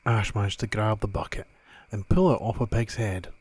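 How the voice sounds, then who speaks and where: Low steady male storyteller. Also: moderate pace, a little hiss or hum. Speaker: narrator. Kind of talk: scripted storybook narration.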